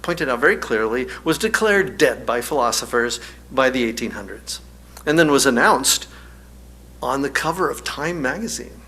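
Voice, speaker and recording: Wry, bright-voiced male minister preaching. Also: mid-range voice. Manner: storytelling, wry, laughs often. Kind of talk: sermon.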